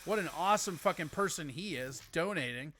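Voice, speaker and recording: Sarcastic high-voiced streaming host. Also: male voice, animated, brisk, pushed and bright, a little hiss or hum. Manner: sarcastic, profane, mock-outraged ribbing. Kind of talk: casual comedic banter.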